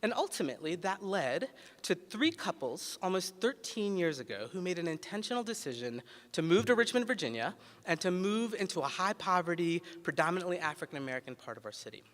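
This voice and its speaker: A man's voice: high-pitched, big pitch swings, a little fast, a bit bright. A man in his forties, a pediatrician and city health director, giving a ceremony speech full of personal stories in a conversational, humorous way with frequent "uh" fillers. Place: large ceremony hall. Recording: echoey hall reverb.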